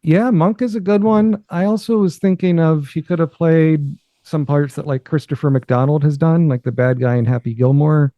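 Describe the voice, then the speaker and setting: A man's voice: a little high, steady tone, normal speed, dry recording, muffled recording. A man co-hosting a podcast, chatting in an easygoing, agreeable way. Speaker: guest co-host. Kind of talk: casual podcast commentary.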